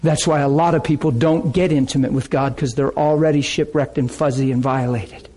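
A man preaching a sermon with fervent, emotional delivery that swings from loud outbursts to hushed intensity. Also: mid-range voice, steady tone, a little fast.

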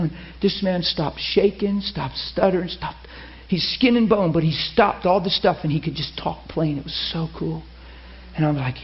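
A male preacher telling a story in a sermon, moving from animated retelling to a soft, intense hush. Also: on the high side, moderate pace. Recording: muffled lo-fi with faint hiss.

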